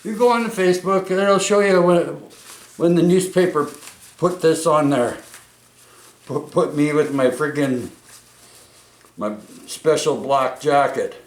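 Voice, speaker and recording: Recorded from a distance in an echoey room at home, a man from Vancouver, Canada, vlogs in a slightly high voice. His casual storytelling is slow and rambling, full of restarts and interjections such as "oi" and "right?".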